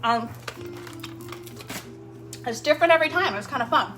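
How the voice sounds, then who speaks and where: A woman's voice: high voice, lively intonation, normal speed, bright, forceful tone, soft background music. A young woman hosting a casual cooking demo in her home kitchen, chatting loosely with lots of fillers as she works. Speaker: home cooking show host.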